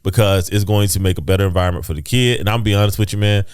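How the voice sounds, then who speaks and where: A man's voice: lowish voice, racing, darkish tone, clear, resonant tone, no echo, clean studio sound. A man co-hosting a podcast in casual chat, earnest and advice-giving. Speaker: podcast co-host.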